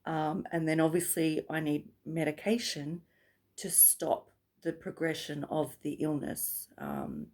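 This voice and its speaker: A woman's voice: low-pitched, animated, slow, a little mellow. A woman vlogger talking casually to camera, rambling and chatty, breaking into laughs often.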